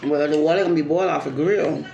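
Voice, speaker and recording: A woman's voice: low-pitched, fairly even intonation, fast talker, gravelly, dark tone, highs cut off. A woman hosting a casual food vlog, chatting easily with frequent murmured agreement. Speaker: vlog host. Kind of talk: casual chat during a food video. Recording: roomy recording with crowd noise.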